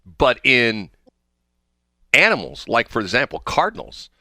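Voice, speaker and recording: A man's voice: mid-range voice, wildly swooping pitch, a little slow, pushed and bright, dry recording, studio quality. A man co-hosting a talk show, ranting and joking in casual banter and laughing often. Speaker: podcast co-host.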